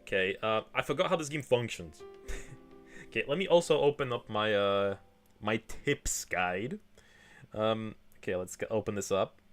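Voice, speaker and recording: A man's voice: on the low side, moderate pace, soft background music. A male game streamer chatting casually at home, rambling with lots of fillers and restarts. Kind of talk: casual chat while gaming.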